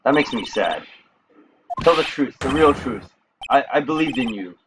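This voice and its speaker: A man voicing a heartbroken, simple-spoken convict who talks in slow, broken phrases. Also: medium pitch, lively intonation, noisy background, natural voice. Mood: pleading.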